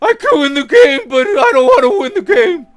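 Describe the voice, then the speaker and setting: A man voicing a whiny, panicking footballer from a video game, in shrill high squeals. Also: very animated, normal speed.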